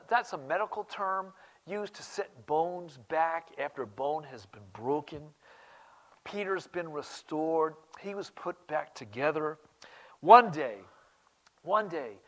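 A male pastor preaching a sermon, moving from quiet asides to loud, emphatic declarations and repeating key phrases for emphasis. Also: a little high.

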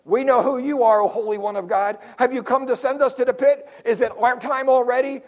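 A man voicing a group of cowering demons who beg for mercy in high, frantic voices. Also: steady tone, a little fast, long reverb tail. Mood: pleading. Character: cowering pleading demons, shrill and panicky.

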